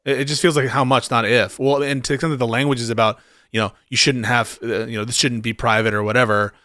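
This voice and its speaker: A man's voice: medium pitch, steady tone, fast talker, bright, forceful tone, no room sound, studio quality. A man hosting a livestream debate, hesitant and questioning, with occasional casual swearing. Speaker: streamer host.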